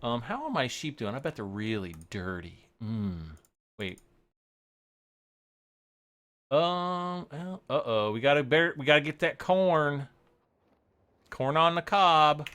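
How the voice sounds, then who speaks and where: A man's voice: fairly high pitch, lively intonation, a little slow, fairly bright tone. Giggly man streaming a farming game. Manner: giggly, easily cracks up laughing; rambling, loses his train of thought. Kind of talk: casual livestream commentary.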